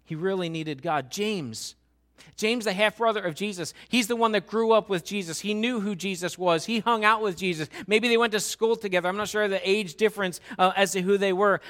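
High-voiced preacher, hushed to emphatic. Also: male voice. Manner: swings from hushed and slow to loud and emphatic. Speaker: pastor. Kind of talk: sermon.

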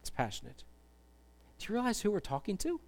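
A man's voice: high-pitched, wildly swooping pitch, fairly quick, vocal fry. A man preaching a sermon to a congregation, chatty and joking, then building to fervent emphasis. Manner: conversational, jokey, rising to fervent emphasis. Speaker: pastor.

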